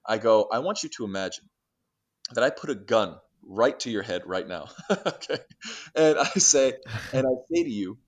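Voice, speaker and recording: A man being interviewed, telling stories in a lively way and acting out conversations, with many restarts and fillers. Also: mid-range voice, moderate pace. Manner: animated storyteller who acts out exchanges, many restarts and fillers. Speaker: interview guest. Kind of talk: casual storytelling interview.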